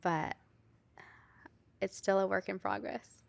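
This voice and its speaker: A woman's voice: mid-range voice, steady tone, slow, creaky. A young woman co-hosting a casual podcast chat, earnest and questioning, filling her talk with "like.". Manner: earnest, questioning, heavy "like" fillers. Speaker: podcast co-host.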